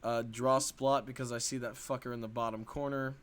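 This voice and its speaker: A woman's voice: very deep voice, fairly even intonation, fairly quick, slight background noise. A woman hosting a live art stream, chatting casually, laughing, swearing and reading out viewer comments. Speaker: stream host.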